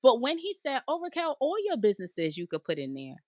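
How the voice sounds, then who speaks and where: A woman guest talking business in an animated, casual interview, loud and given to cackling laughs. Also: on the high side, a little fast, no room sound, clean studio sound. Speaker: podcast guest, credit consultant.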